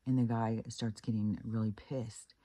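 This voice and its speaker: In this casual storytelling clip, a Kansas-born channel host tells a creepy anecdote, wandering off track with plenty of fillers and false starts. He speaks unhurriedly in a lowish, warm voice with a level tone, captured in a dry recording.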